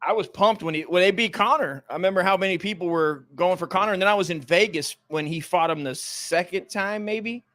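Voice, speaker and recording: Man, from the US, comedy podcast co-host, slightly high voice, rambling and profane, loose casual chat. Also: a little fast, few pauses, a bit bright. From United States. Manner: rambling, profane, trailing off mid-thought.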